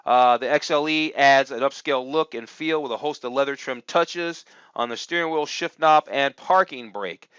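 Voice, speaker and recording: A man's voice: mid-range voice, normal speed, fairly bright tone, clear, resonant tone, dry recording. Casual male reviewer, chatty and upbeat, lots of "uh"s; dry, dull-sounding home mic. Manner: chatty and upbeat, thinking aloud with many fillers. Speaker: car review host. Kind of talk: casual screen-share review commentary.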